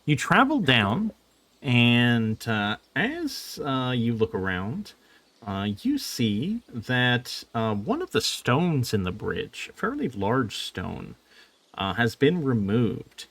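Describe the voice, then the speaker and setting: Halting man narrating as game master. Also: medium pitch, big pitch swings, a bit bright. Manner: halting, lots of fillers.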